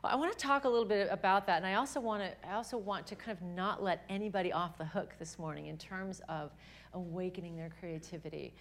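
A young adult woman giving an earnest, animated faith talk to a live audience at a women's gathering, often restarting her sentences. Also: on the low side, fast talker.

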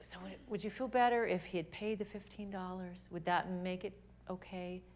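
A woman voicing God as a gentle, patient male presence who reasons with her calmly and softly. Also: normal speed, lightly acted. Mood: gentle reasoning. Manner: calm, questioning, soft and low.

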